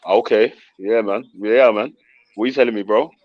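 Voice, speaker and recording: A very low-voiced man chats loosely to his viewers, full of slang and quick laughs. The sound is close and dry but dull. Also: steady tone, no room sound. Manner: slangy, laughing, addressing chat and callers. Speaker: livestream host. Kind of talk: casual livestream chat.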